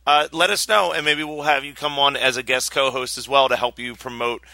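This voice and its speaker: A man's voice: mid-range voice, fairly even intonation, a little fast, gravelly, pushed and bright, no room sound. A man hosting a podcast in casual chat, chatty and laughing often, swearing casually. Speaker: podcast host.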